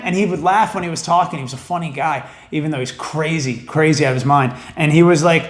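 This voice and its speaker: A man's voice: a little high, fast talker, few pauses. A male stand-up comedian telling stories on a podcast in a rambling, profane, casual way with lots of fillers. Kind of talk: casual comic storytelling. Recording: roomy echo.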